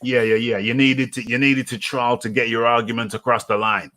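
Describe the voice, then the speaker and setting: A man's voice: medium pitch, little pitch movement, fairly quick, pushed and bright, slight background noise. A British man hosting a live boxing talk stream, rambling and repeating his phrases with plenty of fillers. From United Kingdom. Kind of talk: casual live-stream chat.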